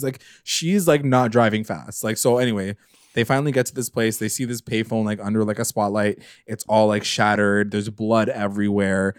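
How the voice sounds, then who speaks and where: A man's voice: medium pitch, fairly quick, dry recording, studio quality. A young man co-hosting a casual TV recap podcast, retelling scenes sarcastically and swearing casually. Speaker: podcast co-host.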